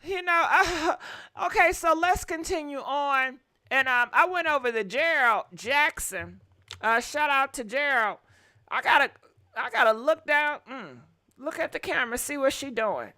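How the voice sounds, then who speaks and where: A woman's voice: high voice, expressive, measured pace, pushed and bright. A woman hosting a gossip live stream, chatting casually with viewers and cursing now and then. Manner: chatty, swears, talks straight to viewers. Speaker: gossip channel host.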